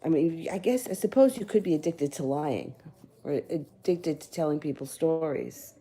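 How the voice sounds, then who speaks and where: A woman's voice: deep voice, animated, normal speed, mellow. A woman giving tarot readings on a live stream, talking in a casual, rambling way, correcting herself and chuckling between phrases. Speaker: tarot reader.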